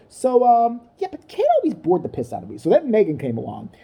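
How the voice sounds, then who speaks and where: A woman's voice: mid-range voice, huge pitch swings, fairly quick, dark tone, husky. A woman ranting in a crude, mocking comedic style, acting out the people she talks about. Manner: crude, mocking, acts out voices. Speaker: comedic commentator. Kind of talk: profane comedic rant.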